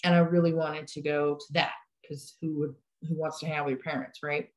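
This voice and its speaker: A young woman telling a story on a casual podcast in a dry, deadpan way. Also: sits low, fairly quick, rough recording. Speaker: podcast co-host, the host's daughter. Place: home, over a video call.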